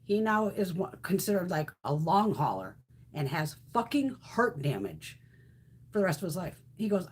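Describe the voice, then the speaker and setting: Talking in a lowish, slightly breathy voice at a moderate pace, this woman in her fifties speaks casually on a live stream. She is blunt, curses without hesitation, and tells her stories with lots of animation.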